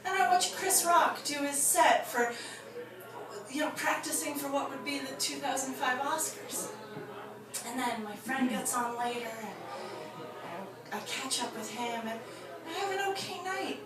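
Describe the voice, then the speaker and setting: A woman telling a personal story live on stage, swinging between loud rants and hushed confession. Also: sits high, animated, measured pace, over loud music. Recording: echoey hall from far off with audience. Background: audience laughter.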